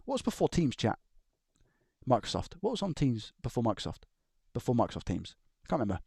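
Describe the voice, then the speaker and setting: A man's voice: medium pitch, wildly swooping pitch, a little fast, gravelly, dark tone, breathy edge, no room sound, clean studio sound. A man chatting casually on a live stream from his room, rambling and chuckling as he tells stories and restarts his sentences. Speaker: electronics repair live streamer. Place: his own room at home.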